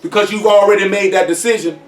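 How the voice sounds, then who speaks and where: A man's voice: high voice, fairly even intonation, quick pace. A man talking in a casual group discussion, emphatic and insistent, often asking whether he is understood. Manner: emphatic, repeats "you know what I'm saying". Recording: echoey room, voice from a distance.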